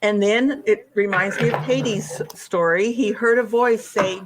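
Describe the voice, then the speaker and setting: A woman's voice: medium pitch, measured pace, a crowd in the background. A woman presenting a witness case as an investigator, going step by step with frequent ums and restarts.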